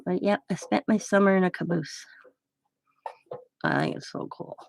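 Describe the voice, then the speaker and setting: A woman's voice: lowish voice, huge pitch swings, moderate pace, creaky, a little mellow, dry recording, clean studio sound. A middle-aged woman telling a rambling personal story in a casual, chatty way while crafting, often correcting herself mid-sentence. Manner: chatty, rambling, with frequent self-corrections and laughs. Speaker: craft vlogger.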